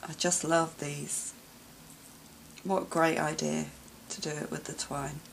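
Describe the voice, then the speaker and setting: A woman filming a craft gift unboxing vlog, gushing and gasping with delight and often dropping to a soft whisper. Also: low-pitched, little pitch movement, slow, creaky, a little hiss or hum, rough recording. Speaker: craft vlogger.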